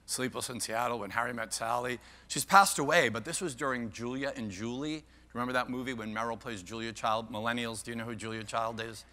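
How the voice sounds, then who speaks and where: A man's voice: medium pitch, steady tone, fairly quick, few pauses, bright, forceful tone. An older man giving a keynote talk, playful and self-mocking, bantering with the audience by name. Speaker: keynote speaker. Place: large conference hall. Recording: long hall reverb.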